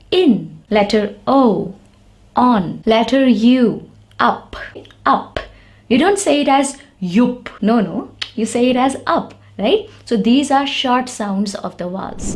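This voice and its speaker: A woman teaching an English lesson, explaining patiently step by step and repeating the example words. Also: on the high side.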